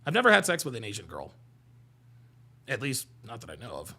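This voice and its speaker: Reading chat comments aloud on a live stream, a man answers them with profane, mocking, animated rants. His voice is on the low side, husky with vocal fry, and brisk.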